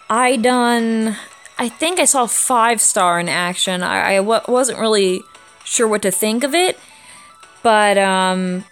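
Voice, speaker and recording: This is a young woman sounding congested and stuffy from a cold, chatting casually on her gaming channel. She explains how the game works in a relaxed, friendly way, at a mid-range pitch for a woman. Faint music plays quietly in the background. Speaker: YouTube gaming channel host. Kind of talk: casual gacha-game commentary.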